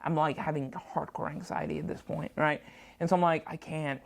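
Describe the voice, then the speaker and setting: A slightly low-pitched woman spins a frantic anecdote in a studio, lurching between hushed asides and loud, high bursts as she plays every character in it. Her voice leaps up for quoted lines and sinks low when she describes her nerves. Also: fairly even intonation, a little fast, gravelly. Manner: jumpy, acts out both sides of dialogue with big swings. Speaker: comedian guest. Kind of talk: animated anecdote storytelling.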